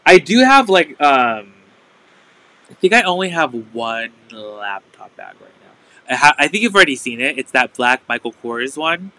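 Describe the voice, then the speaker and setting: Bright-voiced chatty man selling bags. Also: mid-range voice, animated, moderate pace, poor audio. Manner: chatty, full of "like" fillers. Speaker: host of a live resale stream. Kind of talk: casual live sales chat.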